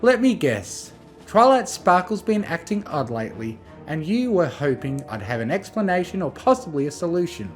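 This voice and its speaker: A man reads a worn-out former pony princess with a deadpan, sardonic edge. The voice is lifted a little above a natural male register, with an animated lilt. It is storybook narration over soft music. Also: fairly high pitch, moderate pace, pitched above the performer's own voice. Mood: annoyed. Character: weary, snarky retired female alicorn princess.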